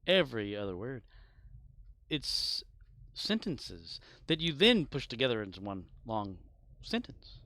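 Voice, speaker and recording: A man's voice: mid-range voice, fairly bright tone. Laughing, joking male game streamer. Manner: joking, laughs often, rambling asides. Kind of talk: casual gameplay chat.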